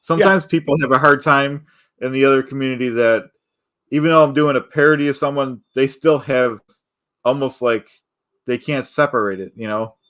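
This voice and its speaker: A man chats as a guest on a livestream, courteous and a little halting, often restarting his sentences. His voice sits at an ordinary middle pitch. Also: a bit bright. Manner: polite, halting, hesitant. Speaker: guest, parody performer. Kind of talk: casual livestream chat.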